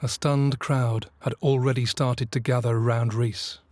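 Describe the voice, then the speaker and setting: A man's voice: mid-range voice, little pitch movement, darkish tone, no echo. Grave documentary narrator man. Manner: measured, grave.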